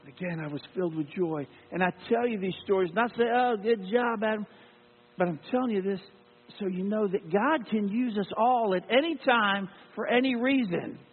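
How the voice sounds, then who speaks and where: A man's voice: sits high, normal speed, husky. A man preaching a sermon, telling a personal story and acting out the dialogue in it with earnest feeling. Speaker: lay preacher. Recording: tinny phone-like sound with long hall reverb and mains hum.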